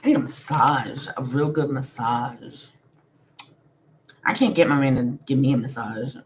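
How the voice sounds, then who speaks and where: Talking a little slowly, a woman with a low voice chats on a casual live stream as a spiritual vlogger. She swears without restraint, speaks bluntly, frequently breaks into laughter, and faint hiss lies under it all.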